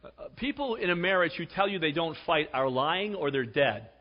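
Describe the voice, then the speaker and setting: A man's voice: a little high, animated, moderate pace. A man in his forties preaching a sermon as pastor, chatty and jokey, often tagging "right?". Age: 40s. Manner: conversational, jokey, repeats "right?". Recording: dull sound with long hall reverb.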